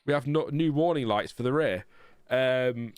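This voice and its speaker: A man's voice: mid-range voice, normal speed, smooth, dry recording, clean studio sound. A man hosting a live watchalong, chatting casually and laughing often. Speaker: livestream host.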